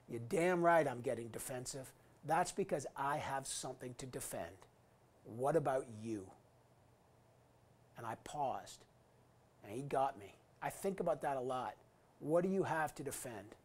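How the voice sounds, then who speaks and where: A man in his fifties giving an earnest, emphatic graduation address as an alumni guest speaker. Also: a little high. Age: 50s. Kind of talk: recorded commencement address.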